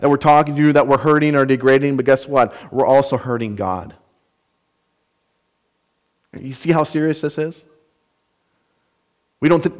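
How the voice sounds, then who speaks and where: Earnest man preaching an expository sermon. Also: medium pitch. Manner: earnest, emphatic, with rhetorical questions; explains word meanings and grammar of scripture. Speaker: pastor.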